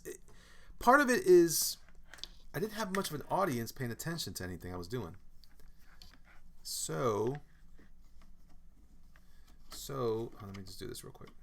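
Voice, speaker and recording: Animated man chatting while drawing live. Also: medium pitch, a little slow, creaky, long pauses, slight background noise. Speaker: artist streaming his drawing. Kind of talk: casual live-stream chat.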